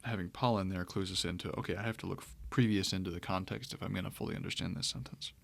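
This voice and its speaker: A man teaching a lesson on grammar, talking it through in a relaxed way, with pauses and restarts. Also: sits low, gravelly, no room sound. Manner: relaxed, thinking aloud with fillers and restarts. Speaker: Greek teacher. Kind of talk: lecture.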